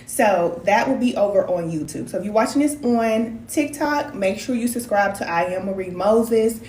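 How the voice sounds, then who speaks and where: A woman, a spiritual wellness practitioner hosting a casual live stream, talking in a folksy, animated way and calling her viewers cousins. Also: medium pitch, moderate pace, roomy sound, a little hiss or hum.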